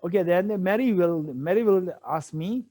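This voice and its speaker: This man's voice sits high and has a dark tone, moving at an ordinary speed. He teaches a sutra commentary with patience, returning to key phrases and asking rhetorical questions along the way.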